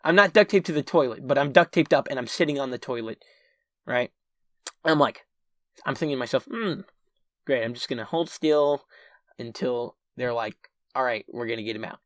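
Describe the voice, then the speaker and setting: The channel's featured storyteller, a man with a medium-pitched voice, speaks at a moderate pace in a dry, clean studio recording. He tells a personal story to camera in a casual, rambling way, restarting often and tossing in "right?" asides. He's animated, acting out the panic of his past self.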